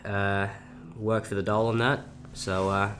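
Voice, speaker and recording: A man's voice: fairly low pitch, level tone, a little slow, fairly bright tone, a little hiss or hum. A seventeen-year-old man with a South Australian accent, rambling through a casual Q&A vlog with lots of fillers and swearing. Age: teens. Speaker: YouTuber.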